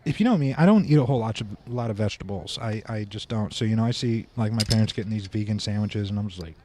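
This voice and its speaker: A man's voice: on the low side, quick pace, a little hiss or hum. A middle-aged American man, a drummer guest, telling stories in a casual chat and laughing often. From United States. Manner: animated storyteller, laughs often.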